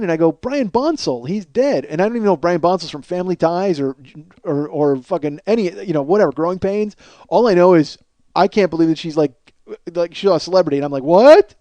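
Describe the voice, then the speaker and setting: A man's voice: sits high, warm tone, dry recording. A man hosting a comedy podcast, telling a profane story and acting out both sides of the conversation in a ranting manner. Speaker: podcast host.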